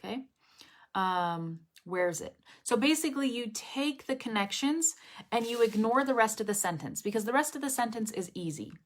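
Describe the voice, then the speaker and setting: A woman's voice: a little high, expressive, moderate pace. A woman teaching English pronunciation in a casual live lesson, repeating drill phrases over and over and often checking in with "okay?".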